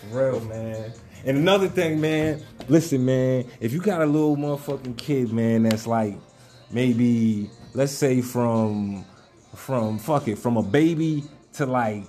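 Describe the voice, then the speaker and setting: Laid-back man with a mellow voice. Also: medium pitch, unhurried, soft background music. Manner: loose, profane street talk with many fillers. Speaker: podcast host. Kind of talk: casual podcast chat.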